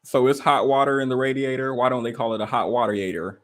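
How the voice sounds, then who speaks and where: A man hosting a casual livestream from a rented room indoors, telling stories in an animated way and firing off rhetorical questions. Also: mid-range voice, fast talker. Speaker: livestream host.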